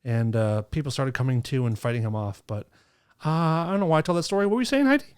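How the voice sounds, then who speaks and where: A man in loose podcast banter, talking at a middle pitch. He tells stories casually and throws in dry, sarcastic jokes along the way. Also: expressive, quick pace, darkish tone, smooth. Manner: sarcastic, joking asides. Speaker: podcast co-host. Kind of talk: casual chat.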